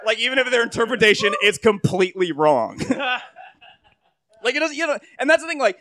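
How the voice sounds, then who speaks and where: A man's voice: very high voice, very animated, brisk, bright, forceful tone. A man in his thirties doing a stand-up set, rambling and crude with lots of fillers. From United States. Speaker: stand-up comedian.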